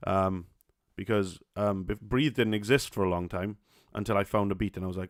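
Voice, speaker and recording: Halting Welsh man, low dry voice. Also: fairly even intonation, no room sound. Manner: halting, many restarts and fillers, casual swearing. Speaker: podcast host. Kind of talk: solo podcast chat.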